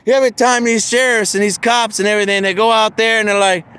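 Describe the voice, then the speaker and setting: A man's voice: extremely high pitch, fairly even intonation, quick pace, few pauses, sharp tone. A man in a meandering, casual monologue who keeps saying "man" and "you know" and acts out the voices he quotes.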